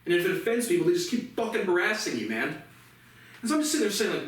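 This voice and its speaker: A man's voice: high-pitched, big pitch swings, fast talker. A man in a rambling, profane solo monologue, ranting agitatedly on his outdoor porch. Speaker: vlogger. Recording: echoey and distant with faint noise.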